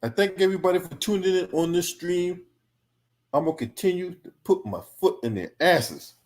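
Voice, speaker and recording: Man, angry political reaction stream, confrontational, profane, somewhat high pitch. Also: normal speed, darkish tone. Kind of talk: heated reaction commentary.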